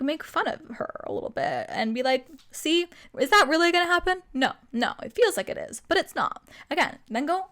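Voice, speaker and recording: A young woman delivers motivational advice as a self-improvement host, her voice sitting a touch high. She talks in an animated, coaching way, slipping into her own inner voice to act out worst and best cases.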